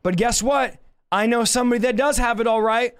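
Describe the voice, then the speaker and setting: A young man preaching a fiery sermon, shouting passionately in fast bursts and then slowing down for emphasis. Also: very high-pitched, fairly even intonation, smooth.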